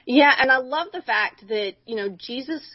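A woman's voice: high voice, animated, normal speed, husky, no echo, lo-fi sound. A woman co-hosting a Bible discussion, speaking earnestly and emphatically, often restarting her sentences. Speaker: co-host.

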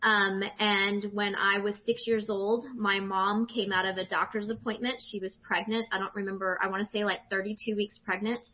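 A woman in her forties, a guest telling her personal faith testimony with animated emotion. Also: medium pitch, normal speed, hardly any pauses. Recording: dull lo-fi sound.

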